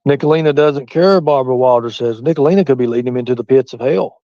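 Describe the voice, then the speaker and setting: A man's voice: mid-range voice, fast, mellow, dry recording, muffled recording. A man with a Southern US hillbilly accent, rambling and swearing freely on a casual livestream while he reads chat aloud. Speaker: livestream host.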